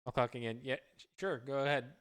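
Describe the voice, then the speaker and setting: A man's voice: medium pitch, steady tone, fast, a bit bright, smooth. A man chatting casually on a live stream, rambling and stumbling over repeated words.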